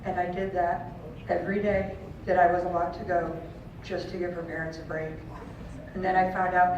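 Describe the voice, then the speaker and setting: A woman's voice: medium pitch, fairly even intonation, normal speed. A woman in her thirties tells a heartfelt personal story to an audience and acts out the voices of the people she quotes. She is heard from far off on a dull recording. The large hall around her echoes heavily. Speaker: speaker at a charity auction. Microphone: handheld camera far from the stage. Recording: distant, dull and very echoey with faint room noise.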